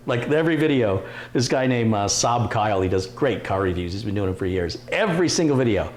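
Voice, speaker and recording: A man's voice: fairly low pitch, big pitch swings, a little fast, few pauses. A man hosting a live stream, chatting casually, joking and reading viewer comments aloud. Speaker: livestream host. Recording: roomy echo, faint room noise.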